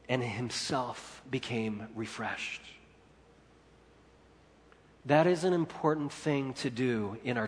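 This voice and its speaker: A man preaching a sermon as pastor, swinging between loud and hushed delivery. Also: mid-range voice, a little hiss or hum. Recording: long reverb in a large hall.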